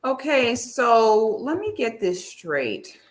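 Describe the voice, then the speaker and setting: A woman's voice: fairly high pitch, sing-song, slow. A woman giving casual reaction commentary, sassy and exclamatory, speaking straight to her viewers.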